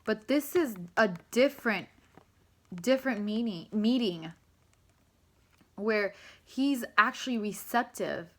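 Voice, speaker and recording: A woman's voice: a little high, animated, slow, long pauses. A young woman giving a casual, rambling tarot reading to her viewers, emotional and swearing freely. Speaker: tarot reader.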